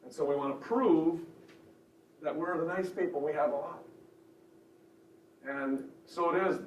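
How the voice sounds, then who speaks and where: A man's voice: on the high side, a little hiss or hum. A man teaching a church seminar in an earnest, conversational way, explaining with examples. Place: seminar room. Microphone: microphone over a room speaker system. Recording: roomy, distant, dull sound.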